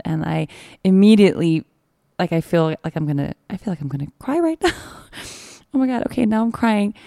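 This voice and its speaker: A woman's voice: on the low side, vocal fry, mellow, no room sound, studio quality. A young woman hosting a podcast from home, talking in a casual, emotional and rambling way with many restarts. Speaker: podcast host. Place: at home by her kitchen table.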